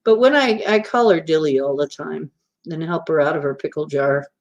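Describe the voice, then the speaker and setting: A woman's voice: sits low, moderate pace, darkish tone, dull audio. A woman hosting a casual livestream, chatting in a rambling, teasing way and laughing easily. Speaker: livestream host.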